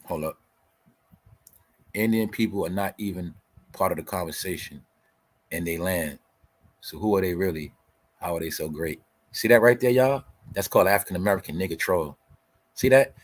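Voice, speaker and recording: A male host with a lowish voice gives a heated commentary rant. He swears freely and argues hard, lecturing his audience. He hammers the same points over and over. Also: moderate pace, long pauses. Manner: profane, combative, lecturing; repeats points for emphasis.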